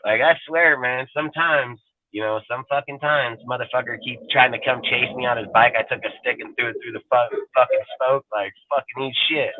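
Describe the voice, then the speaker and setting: A man co-hosting a casual sports talk show, cursing a lot and loudly acting out angry rants. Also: medium pitch, fairly quick, few pauses. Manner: loud, cursing, acts out rants in a shouting voice. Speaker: podcast co-host. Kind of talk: profane casual sports chat. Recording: dry tinny phone-like audio.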